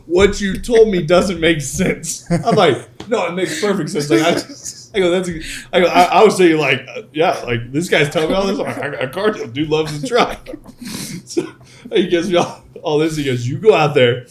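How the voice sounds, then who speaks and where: A man's voice: fairly high pitch, brisk. A young adult man hosting a podcast, telling stories in casual chat and laughing often. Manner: storytelling, laughs often, animated. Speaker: podcast host.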